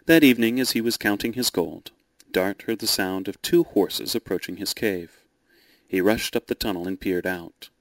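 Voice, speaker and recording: A man narrating a story in a steady, measured reading voice. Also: lowish voice, dry recording.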